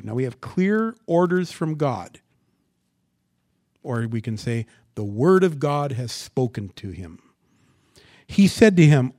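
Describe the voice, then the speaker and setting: A man preaching a sermon, asking the congregation rhetorical questions and swinging from quiet asides to loud, dramatic scripture reading. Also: fairly high pitch, very animated, a little slow, no room sound, studio quality. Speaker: pastor.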